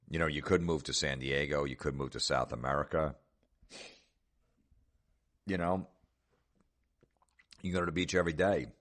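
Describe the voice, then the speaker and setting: Very deep-voiced sarcastic male comedian. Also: a bit bright. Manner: sarcastic, profane mockery. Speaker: comedian host. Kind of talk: comedic podcast rant.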